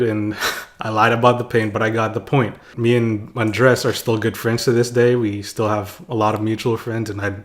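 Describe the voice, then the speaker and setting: A young man casually telling a childhood story to his viewers in a loose, rambling way, with lots of "like" and chuckles. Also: fairly low pitch. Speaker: vlogger.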